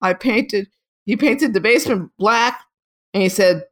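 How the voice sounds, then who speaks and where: A woman photographer in an interview, telling long rambling stories with many restarts and lively quotes of other people. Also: medium pitch, measured pace. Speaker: photographer guest. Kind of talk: casual storytelling interview.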